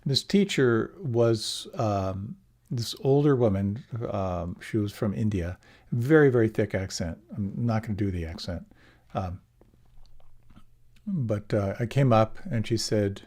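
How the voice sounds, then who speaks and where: A man giving a relaxed, reflective meditation talk, often letting his phrases trail off softly. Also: on the low side, a little slow. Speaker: meditation teacher. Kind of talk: dharma talk.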